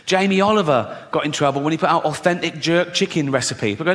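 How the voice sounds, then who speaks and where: A man's voice: fairly high pitch, fairly quick, few pauses, a bit bright, in a large hall, a little hiss or hum. A man doing a stand-up comedy routine, provocative and laughing at his own jokes.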